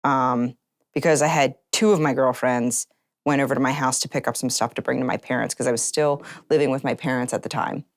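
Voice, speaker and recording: A woman's voice: rumbling low, fairly even intonation, fairly quick, no room sound, studio quality. A woman telling her personal story in an interview, earnest and acting out remembered conversations. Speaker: interview guest.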